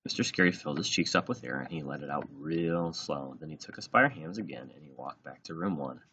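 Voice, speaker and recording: A man reading a children's book aloud in an animated, playful way. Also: very deep voice, brisk, muffled recording, a little hiss or hum. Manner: animated, plays out every line. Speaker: reader.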